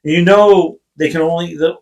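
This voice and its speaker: A man co-hosting a casual podcast chat, an animated storyteller who swears, laughs and acts out quotes. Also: a little high, moderate pace. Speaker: podcast co-host.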